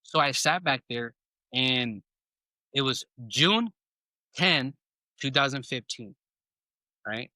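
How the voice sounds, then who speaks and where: A man with a very bright, sharp voice tells his own story as a podcast guest, slipping into the voices of people he quotes. His talk is casual and peppered with bro. The sound is close and dry. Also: medium pitch, expressive, slow, pauses often, no echo. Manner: casual, reenacts dialogue, says bro a lot. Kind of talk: personal storytelling in conversation.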